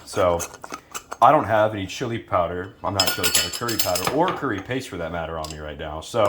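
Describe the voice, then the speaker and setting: A man from Louisiana giving a casual cooking tutorial in his home kitchen, laid-back and profane with joking asides. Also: low-pitched. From Louisiana, USA. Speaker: home cook. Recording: noisy kitchen with frying sizzle. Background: food sizzling in a pan.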